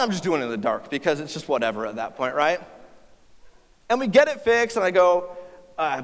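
High-voiced man preaching in a hall. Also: very animated, fairly quick. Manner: humorous, conversational, talks to the audience. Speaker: pastor. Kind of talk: sermon with personal stories. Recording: hall reverb.

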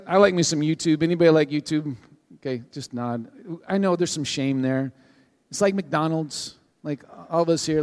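A male pastor giving a sermon to his congregation in a conversational, animated way, with frequent restarts. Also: on the high side. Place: church sanctuary with a live congregation. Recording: long hall reverb.

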